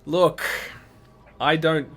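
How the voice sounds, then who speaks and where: A man's voice: on the high side, steady tone, extremely slow, voice pushed up, heavily acted. A man voicing a wary, grumbling middle-aged shopkeeper. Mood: suspicious.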